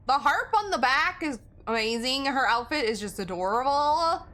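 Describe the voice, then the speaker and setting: Bright, chatty woman streamer. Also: high voice, lively intonation, normal speed. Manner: chatty, rambling, giggly. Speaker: game streamer. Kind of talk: casual live-stream chat.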